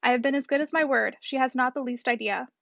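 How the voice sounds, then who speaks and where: An earnest middle-aged gentleman guards a secret in a storybook, keeping his voice low and evasive, read by a woman. The delivery is quick and rather high. The recording is dull and dry. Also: creaky, no room sound. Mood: guarded. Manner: hushed and evasive.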